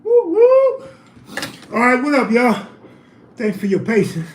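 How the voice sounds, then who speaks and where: A man's voice: very high-pitched, animated, moderate pace, a bit bright. A man hosting a casual live stream, out of breath, joking and reading viewer comments in loose slang. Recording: roomy echo, faint background hum.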